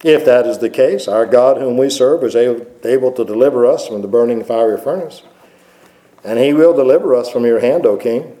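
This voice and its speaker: A man voicing three calm defiant men. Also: mid-range voice, moderate pace, voice pushed down, natural voice, poor audio. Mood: calm resolve. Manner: calm, respectful, steady defiance.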